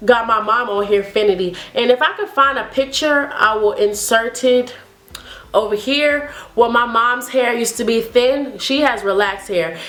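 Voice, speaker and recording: A woman's voice: a little high, bright, forceful tone. Chatty woman vlogging in an echoey room. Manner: chatty, upbeat and encouraging. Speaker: hair care vlogger. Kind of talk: casual vlog talk to camera.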